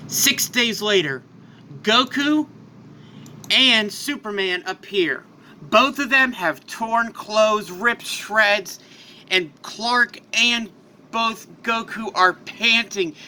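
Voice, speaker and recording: Guy rambling thru a fan story, high sharp bright voice. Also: a little hiss or hum. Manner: rambling and animated. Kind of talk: casual improvised storytelling.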